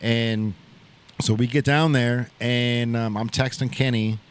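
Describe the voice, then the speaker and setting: A man hosting a casual podcast from an open shop, mid-pitched and relaxed. He rambles through a story, leaning on "like" and "bro" as he goes. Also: takes it slowly, clean tone. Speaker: podcast host. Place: open shop at a riverside shopping center.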